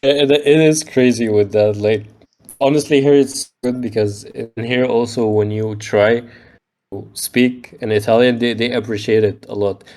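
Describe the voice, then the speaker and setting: A man talking as a guest on a casual interview podcast, halting and searching for words with lots of fillers. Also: medium pitch, fairly even intonation, a little mellow. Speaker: podcast guest, digital painter.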